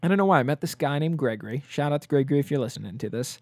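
A young man co-hosting a podcast, chatting casually and telling animated stories full of filler likes. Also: medium pitch, very fast, no room sound. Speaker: podcast co-host. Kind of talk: casual chat.

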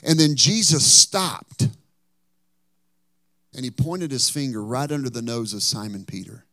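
A man's voice: mid-range voice, measured pace, pauses often, no echo. Dramatic preacher man. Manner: dramatic storytelling preacher, rising to loud bursts. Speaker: pastor. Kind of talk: sermon.

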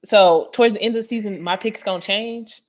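A woman's voice: medium pitch, fairly even intonation, brisk. Playful, slangy woman talking sports. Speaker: podcast co-host. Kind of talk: casual sports chat.

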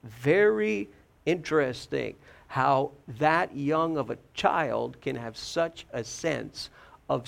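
A man preaching a sermon, telling a story in an animated way, repeating words and joking about himself. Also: mid-range voice, gravelly.

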